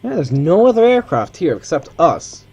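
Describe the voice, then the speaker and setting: A man's voice: fairly high pitch, sing-song, normal speed, darkish tone, slightly rough, lo-fi sound. A man giving casual, rambling commentary while playing a flight simulator. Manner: rambling, chatty asides with self-corrections.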